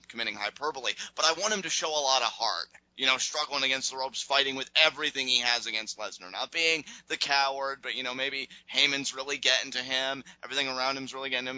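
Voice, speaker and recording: A man with a very bright, forward voice talks through a wrestling recap in a loose, animated way, now and then acting out lines. The sound is dry and close. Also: medium pitch, dry recording, poor audio. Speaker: wrestling podcast co-host. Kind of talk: casual recap chat.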